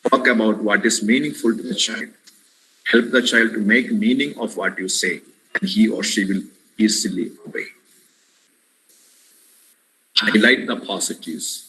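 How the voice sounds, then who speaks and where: In a lowish, bright, forceful voice at a moderate pace, an Indian English-accented man lectures earnestly on parenting during a webinar. He preaches with emphatic repetitions of key words and keeps calling listeners "my dear friends." His webinar headset or computer mic yields a rough recording with slight background noise.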